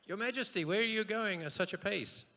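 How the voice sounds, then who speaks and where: A man voicing a peasant man who calls out to a passing king in a high, loud voice. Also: brisk. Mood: calling out. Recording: echoey lecture hall.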